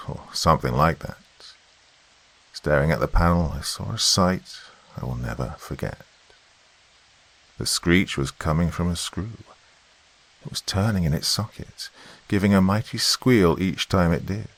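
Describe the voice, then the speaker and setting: A man's voice: extremely low pitch, fairly bright tone, husky. A man narrating a first-person horror story as a podcast host, with tense, dramatic storytelling.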